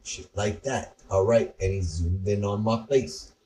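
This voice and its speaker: A rambling man co-hosting a casual podcast, with a lowish voice, telling loose stories and swearing now and then. He sits a bit back from the mic. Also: a little slow, distant mic, slight background noise. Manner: rambling, storytelling, profane. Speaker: podcast co-host. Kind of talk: casual chat.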